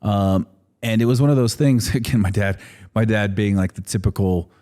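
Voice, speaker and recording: Fairly low in pitch with a dark tone and moderate pace, this thirty-something man chats casually as a podcast guest. His storytelling wanders, with plenty of laughing and filler words.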